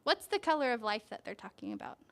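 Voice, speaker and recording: A woman reading a picture book aloud to children at a church service, gently asking them questions as she goes. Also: a little high, wildly swooping pitch, fast, creaky. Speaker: children's story reader.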